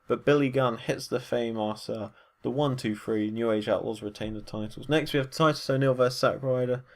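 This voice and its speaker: A man at a middle pitch talks through a wrestling recap in a casual, unscripted way. He rambles, stumbles over fillers and corrects himself as he goes. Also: steady tone, a little fast. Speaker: wrestling show reviewer.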